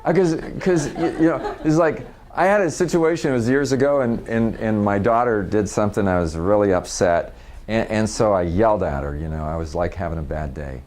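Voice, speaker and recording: A man's voice: fairly low pitch, fairly quick, darkish tone, a little hiss or hum. A middle-aged man speaking live to an audience at a workshop. He talks in a conversational way, laughs often and restarts his sentences.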